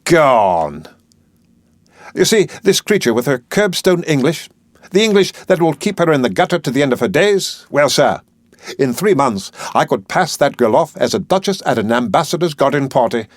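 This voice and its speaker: A man's voice: on the high side, big pitch swings, moderate pace, no room sound, studio quality, voice pushed up. A man reading an audiobook, voicing a brusque, arrogant male professor of phonetics who lectures and scolds emphatically. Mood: lecturing.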